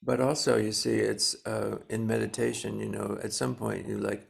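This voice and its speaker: A man in his seventies, a Zen teacher giving a dharma talk, speaking slowly and gently with many pauses and fillers. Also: fairly low pitch, level tone, creaky. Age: 70s.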